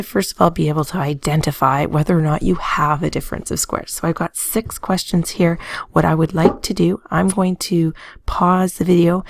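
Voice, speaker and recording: Woman math teacher, low gravelly voice, playful, dry close mic. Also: dry recording. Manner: playful, sings little tunes and jokes. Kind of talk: recorded classroom lesson.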